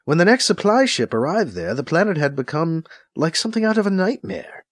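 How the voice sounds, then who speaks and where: A man's voice: fairly high pitch, big pitch swings, fairly quick, dry recording. A man voicing a stern, weary older aunt. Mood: grave. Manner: weary, guarded, sighing. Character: stern, solemn older woman, a former leader and aunt. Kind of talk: audiobook character voice.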